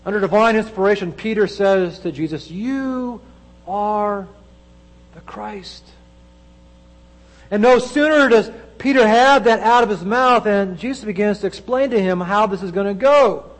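High-voiced male preacher, dramatic delivery. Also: brisk, hardly any pauses, rough recording. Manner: dramatic, swings between loud emphasis and hushed low asides. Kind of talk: sermon.

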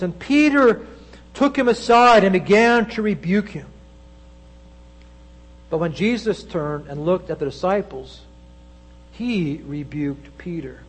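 A man preaching a sermon, with dramatic delivery that swings between loud emphasis and hushed low asides. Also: poor audio.

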